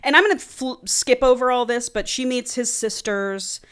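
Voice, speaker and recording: A woman's voice: a little high, moderate pace, a bit bright, clean tone. A woman hosting a podcast, casually and animatedly recapping a book, quoting characters and swearing freely. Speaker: podcast host.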